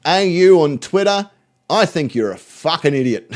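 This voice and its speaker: Australian male host, high and animated voice, crude mocking rants, heavy swearing. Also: a little slow. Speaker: show host reacting to clips. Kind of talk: profane reaction commentary.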